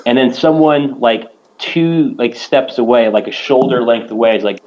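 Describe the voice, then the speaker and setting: A man co-hosting a podcast, telling stories in animated, profane casual chat. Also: mid-range voice, normal speed, highs cut off, noisy background. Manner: animated storytelling, swears a lot. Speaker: podcast co-host.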